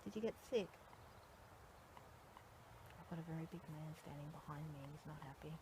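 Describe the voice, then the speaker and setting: A woman working as a psychic medium, gently asking a spirit question after question at a graveside in an outdoor cemetery. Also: low-pitched, brisk. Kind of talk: spoken séance at a graveside. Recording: outdoor noise behind the voice.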